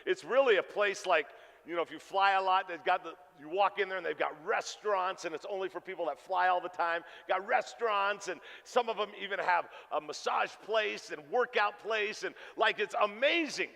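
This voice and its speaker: A pastor preaching a sermon, telling a funny story in an animated way and acting out the dialogue. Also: male voice, high voice, normal speed, vocal fry. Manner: animated, jokey, acts out dialogue. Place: church sanctuary. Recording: reverberant church hall.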